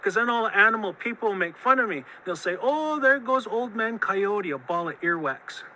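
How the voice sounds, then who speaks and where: A stubborn trickster coyote talks back in a cocky, bossy tone, as a man puts him on. His voice sits high and very bright. Faint noise is behind it. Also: animated, moderate pace, low-quality recording.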